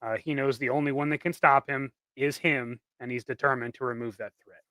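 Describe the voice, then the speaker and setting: A man chatting casually on a livestream, relaxed and hesitant, with many ums as he explains ideas. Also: medium pitch, fairly quick, no room sound.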